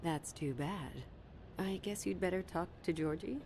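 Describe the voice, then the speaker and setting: Low breathy hostess at a club, hushed and seductive, noisy game audio. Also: female voice, unhurried. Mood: sultry. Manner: soft, sultry, half-whispered. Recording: game audio with clear background noise.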